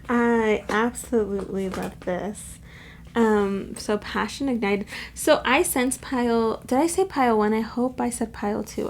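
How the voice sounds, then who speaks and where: A woman talks through a pick-a-card tarot reading in a casual, effusive way, trailing into fillers and warm asides. Her voice sits a bit high with a gravelly fry at the edges. A faint hiss runs underneath. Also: unhurried. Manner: gushing, affectionate, chatty with many fillers. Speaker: tarot reader.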